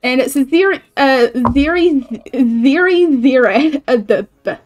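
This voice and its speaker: Woman, casual gaming chat, high voice, slow pace, short remarks. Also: lively intonation, darkish tone, faint music behind.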